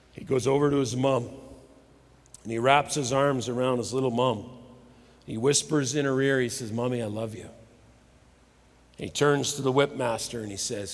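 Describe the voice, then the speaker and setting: Dramatic male speaker in a reverberant hall. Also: medium pitch. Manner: dramatic storyteller, swings from loud to hushed. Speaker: conference speaker. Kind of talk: motivational sermon with storytelling. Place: large hall with live audience. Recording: live hall recording with long reverb.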